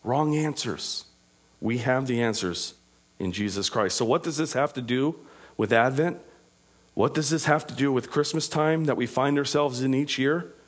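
A male pastor delivering a sermon in a middle-pitched voice. He swings between raised, emphatic proclamation and quiet, conversational asides. His delivery stays informal and loose, with frequent fillers and restarts. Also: moderate pace, breathy edge.

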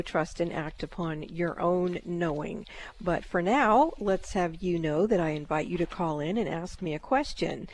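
Woman radio host, slightly low voice, giggly and chatty. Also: darkish tone. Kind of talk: radio talk.

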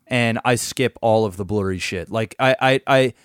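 A man co-hosting a podcast in crude, rambling casual chat, swearing freely and climbing higher and louder as he gets worked up. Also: normal speed, clear, resonant tone, dry recording, studio quality. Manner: profane, rambling, gets loud and high when worked up. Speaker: podcast co-host.

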